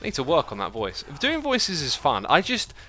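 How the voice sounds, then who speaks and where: Bright-voiced man chatting on a livestream. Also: a little high, huge pitch swings, normal speed, soft background music. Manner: chatty, thinks aloud, reads out chat messages. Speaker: livestream host. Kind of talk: casual chat while playing a building game.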